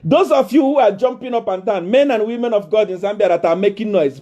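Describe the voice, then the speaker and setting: A man from Nigeria, preaching to a congregation as a self-proclaimed prophet. He is boastful and defiant, repeats himself and rises to shouts. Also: high-pitched, a little fast, muffled recording.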